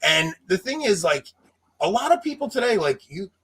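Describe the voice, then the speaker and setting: A man in his thirties telling a long personal story in casual chat, animated and laughing, acting out what people said. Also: high voice, moderate pace, slightly rough. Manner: animated, laughing, acts out quotes. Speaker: podcast co-host telling a story.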